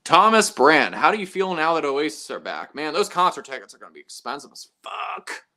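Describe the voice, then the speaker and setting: Animated man telling stories on a live stream. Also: fairly high pitch, brisk, gravelly. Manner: animated, swears freely, acts out both sides of conversations. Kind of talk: casual storytelling to chat.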